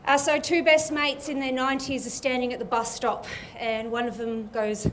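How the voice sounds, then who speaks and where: A woman on a comedy panel, telling jokes with slow, deliberate delivery. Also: high-pitched, flat delivery. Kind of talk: casual joke telling. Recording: faint background noise.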